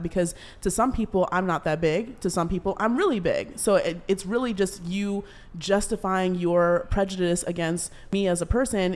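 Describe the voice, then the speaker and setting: A woman speaks in a somewhat low voice, firm and indignant. She pushes back point by point in a casual panel conversation. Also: a little mellow. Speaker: panel guest.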